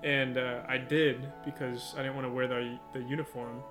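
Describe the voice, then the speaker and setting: A man's voice: mid-range voice, level tone, moderate pace. A young man chatting casually as a podcast co-host, telling easygoing stories about his job. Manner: easygoing storyteller, laughs along. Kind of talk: casual chat. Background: guitar music.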